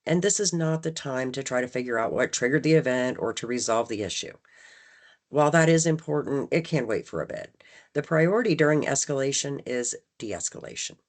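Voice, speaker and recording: A woman leads a staff training session with a bass voice, talking expressively and a little fast. She keeps it conversational, often checking in with "right?" and acting out phrases with shifting emphasis.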